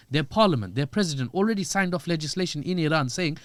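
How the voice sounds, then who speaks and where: A man, a podcast guest giving animated, joking analysis with quick asides. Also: a little high, dry recording. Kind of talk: podcast discussion.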